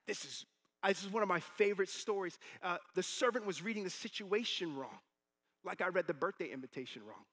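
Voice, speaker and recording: A man's voice: on the high side, fairly quick. A man in his thirties preaching a sermon as pastor, telling stories and acting out the quoted voices. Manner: animated storytelling, acting out quotes.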